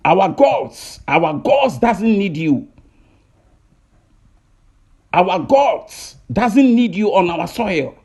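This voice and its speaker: A man's voice: sits high, sing-song, extremely slow, long pauses, a little mellow, slightly rough. A man from Ghana with a Ghanaian English accent, ranting angrily in a video, accusing and repeating himself with many hesitations. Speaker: online commentator. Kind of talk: angry video rant.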